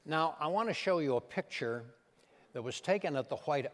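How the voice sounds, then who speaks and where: A man's voice: on the high side, normal speed, long reverb tail, a little hiss or hum. An older man, a comedian and impressionist, telling stories on stage and acting out the voices in them. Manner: lively, acts out voices in his anecdotes. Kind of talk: storytelling talk on stage.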